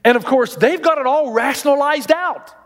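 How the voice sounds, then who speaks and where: A man preaching a sermon as pastor, telling stories in an animated way and acting out the voices of the people in them. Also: very high voice, moderate pace, in a large hall. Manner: animated storytelling, acts out quoted voices.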